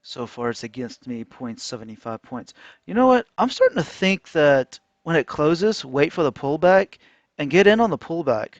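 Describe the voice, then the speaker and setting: A man ranting casually while trading on a chart, animated and mocking. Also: on the high side, moderate pace, no echo. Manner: animated, mocking voices, frequent laughs. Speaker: trading vlogger. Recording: dull lo-fi dry sound.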